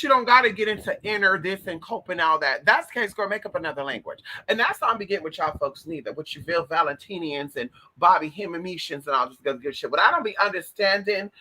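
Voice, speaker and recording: A man hosting a casual spiritual advice monologue, talking in a sassy, profane, animated way with sudden shouted bursts. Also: high voice, poor audio. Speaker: host.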